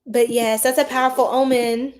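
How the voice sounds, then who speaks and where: A bubbly young woman hosts a psychic livestream, greeting viewers by name. Her voice sits a little high, and she laughs often in loose, casual chat. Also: little pitch movement, normal speed, a little mellow.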